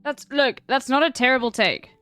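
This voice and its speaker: A woman reacting casually and quickly during a stream. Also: high-pitched, music in the background. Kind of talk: casual livestream chat.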